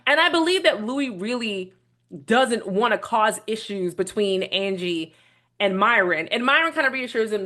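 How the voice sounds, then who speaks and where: A woman's voice: medium pitch, moderate pace. Blunt, opinionated woman vlogger. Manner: blunt, opinionated, swears freely; rambling with restarts, animated retelling. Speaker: vlog host reviewing a documentary. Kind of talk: casual video commentary.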